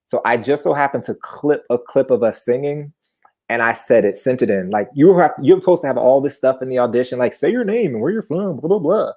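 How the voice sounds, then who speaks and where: Young man in his 20s, live storyteller, chatty and animated, mid-pitched voice. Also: a little fast. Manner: animated, chatty, jumps into high-pitched bursts.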